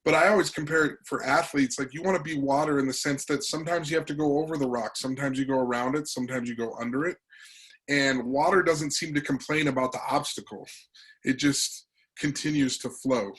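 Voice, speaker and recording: A man's voice: medium pitch, fairly even intonation, brisk, a bit bright, slightly rough, low-quality recording. A man hosting an interview, chatting loosely and rambling as he frames his questions. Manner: loose, rambling, lots of fillers. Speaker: interviewer, host. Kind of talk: conversational interview.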